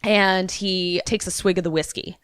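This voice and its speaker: A woman co-hosting a podcast, casually retelling a movie plot with swearing and animated character voices. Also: on the low side, normal speed, clear, resonant tone. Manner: animated storyteller, acting out characters' lines. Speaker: podcast co-host.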